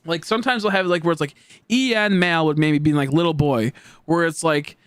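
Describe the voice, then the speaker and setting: Talking casually to live viewers, an American young man rambles on, peppering his speech with "like" and "you know" and chuckling frequently. His voice is on the high side and fairly bright, at normal speed, recorded clean and dry.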